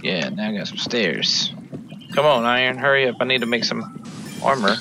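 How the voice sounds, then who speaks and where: A man's voice: medium pitch, animated, normal speed. Jokey guy mumbling to himself while gaming, hissy recording. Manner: joking, hums and mutters to himself. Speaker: gamer. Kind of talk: casual gaming chat. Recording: noticeable background hiss.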